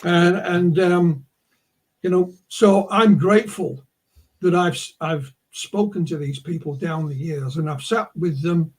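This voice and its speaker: A man from Yorkshire, England, speaking with a Yorkshire accent, joins a video call as a guest and tells stories casually. He rambles and restarts often, with a voice on the high side that's unhurried and a little mellow.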